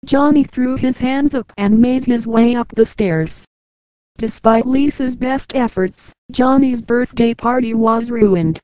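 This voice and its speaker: A woman reading a novel aloud as an audiobook narrator, in a measured, even way, dropping lower for the men's lines. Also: no room sound, poor audio. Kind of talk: audiobook narration with light character voices.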